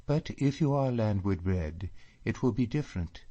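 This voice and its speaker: A male audiobook reader voicing a spirited, proud young Highland woman with a lilting manner. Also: animated, moderate pace, mellow, lo-fi sound, natural voice.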